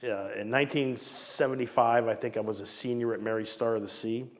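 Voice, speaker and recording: A man in his sixties from Southern California, telling old stories in a casual, lively way and acting out the people he quotes. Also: mid-range voice, a little fast, in a large hall. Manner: animated, acts out quoted voices. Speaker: storyteller recounting memories. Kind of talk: casual storytelling interview.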